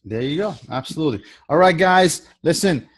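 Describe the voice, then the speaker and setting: A man's voice: a little high, fairly quick. A middle-aged man hosting a sales coaching call, talking energetically and acting out both sides of sales conversations. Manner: energetic, repeats himself, acts out both sides of calls. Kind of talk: casual coaching talk with role-played sales dialogue.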